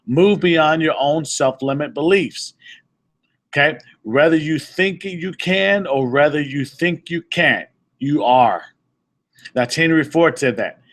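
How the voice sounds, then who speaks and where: A man's voice: on the high side, slow pace, a bit bright. A man leading a group session as a motivational speaker, emphatic and repetitive, restating his points and sometimes stumbling over words. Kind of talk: motivational talk to a live audience.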